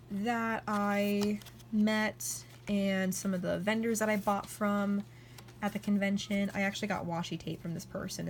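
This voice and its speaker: Rambling, excitable young woman vlogger. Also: mid-range voice, creaky, slight background noise. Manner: rambling and excitable, heavy use of "like". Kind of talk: casual chat flipping through a journal.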